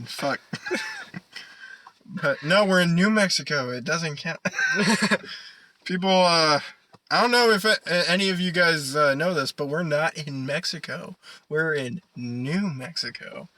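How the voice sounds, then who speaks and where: A man's voice: fairly high pitch, sharp tone, a little hiss or hum, low-quality recording. A young man co-hosting a casual podcast, rambling and swearing, laughing often. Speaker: podcast co-host. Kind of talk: casual chat.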